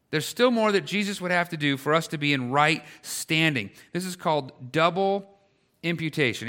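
A middle-aged man preaching a sermon in a bright, forceful voice pitched a little above the usual. He talks to the congregation like a conversation, then pushes hard with emphatic, rising questions. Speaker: pastor.

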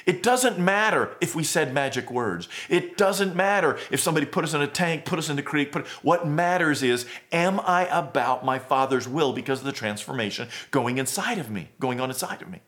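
A man's voice: a little high, animated, normal speed, few pauses, a bit bright. A man preaching a sermon as a pastor, conversational and earnest, often restarting and questioning himself.

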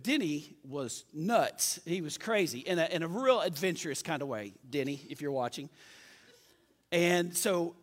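High-voiced preacher in echoey hall. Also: male voice, unhurried. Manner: lively, self-mocking storyteller. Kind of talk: sermon storytelling.

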